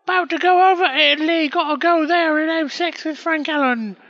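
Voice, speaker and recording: A British man putting on a very high voice as a fake mother who rambles and halts with fillers. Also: sharp tone, muffled recording. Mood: rambling. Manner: rambling, halting with many fillers. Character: a man faking a middle-aged mother. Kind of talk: comedic phone message bit.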